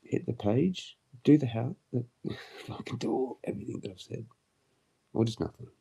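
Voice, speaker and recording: A man's voice: mid-range voice, lively intonation, moderate pace, gravelly, dark tone, slightly rough. A young man chatting on a livestream, crude and slangy, often laughing and putting on mock voices. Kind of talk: rambling casual livestream chat.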